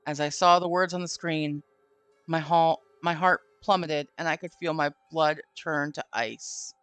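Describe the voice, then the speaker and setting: A woman's voice: low-pitched, measured pace, fairly bright tone, smooth, no echo, faint music behind. A woman streamer reading a horror story aloud and chatting, giggly and casual. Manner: giggly, reads aloud with quoted voices.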